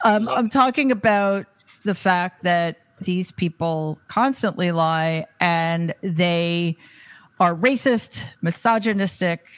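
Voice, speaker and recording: A woman's voice: fairly low pitch, smooth. Firm female host of a political panel. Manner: firm, measured, steering the talk.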